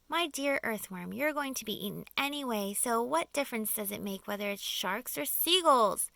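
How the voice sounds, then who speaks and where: A woman's voice: on the high side, lively intonation, moderate pace, creaky, pushed and bright, dry recording, clean studio sound, full character voice. A woman voicing a cheeky, mocking male centipede in an audiobook. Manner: mocking, jeering. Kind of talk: audiobook character voice.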